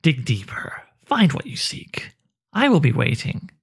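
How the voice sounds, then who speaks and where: A man's voice: medium pitch, expressive, unhurried, darkish tone, breathy edge. A man voicing a sinister hooded cave creature that taunts and tempts in a hissing whisper.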